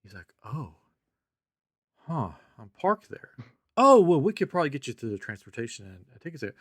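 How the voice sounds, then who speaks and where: Dry-sounding man telling an animated story. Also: a little high, normal speed, no echo. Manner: animated storyteller acting out quoted voices. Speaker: podcast host. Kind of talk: casual storytelling chat.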